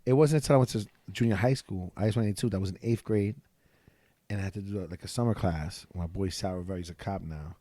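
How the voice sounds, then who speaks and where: A man in his late thirties hosting a podcast, telling stories in an animated, slang-heavy way with a slight lisp. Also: low voice, quick pace, no echo. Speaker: podcast host. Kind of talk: casual chat.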